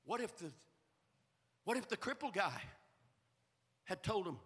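Middle-aged male preacher, bright tense voice, folksy sermon storytelling that builds to shouting, in a reverberant sanctuary. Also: sits high, big pitch swings, unhurried, pauses often, breathy edge. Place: church sanctuary. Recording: long reverb of a large hall.

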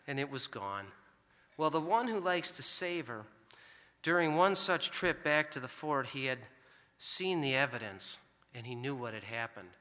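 A man's voice: mid-range voice, expressive, moderate pace, sharp tone, a little hiss or hum. A middle-aged American man preaching a sermon, telling a family story in an earnest, conversational way. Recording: long hall reverb.

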